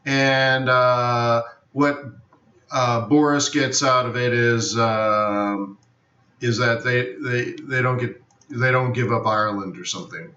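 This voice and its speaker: A man's voice: mid-range voice, fairly even intonation, slow, pushed and bright. A man hosting a live forex trading stream, chatting loosely and often saying he doesn't know. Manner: rambling, repeats "I don't know". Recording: roomy, distant, dull lo-fi sound.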